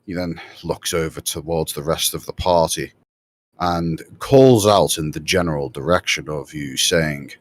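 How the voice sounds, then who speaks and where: A man's voice: rumbling low, measured pace, no echo, clean studio sound. A man narrating a tabletop game as game master, rambling with fillers and restarts.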